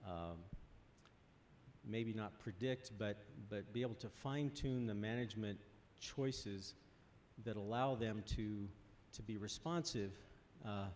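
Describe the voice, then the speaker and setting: Man, panelist, out of breath, halting restarts, low voice, faint rumbling noise. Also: a little mellow. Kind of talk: panel discussion.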